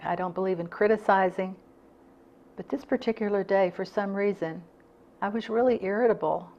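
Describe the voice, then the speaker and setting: An older woman speaks at a club, earnestly recounting personal stories and acting out the dialogue of the people in them. Her mid-range voice has a darkish tone, and the recording sounds muffled.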